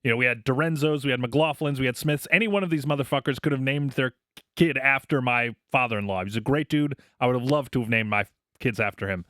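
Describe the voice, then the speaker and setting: A man's voice: mid-range voice, fast, a bit bright, no room sound, clean studio sound. A middle-aged man co-hosting a podcast, telling crude stories in casual chat and laughing often. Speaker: podcast co-host.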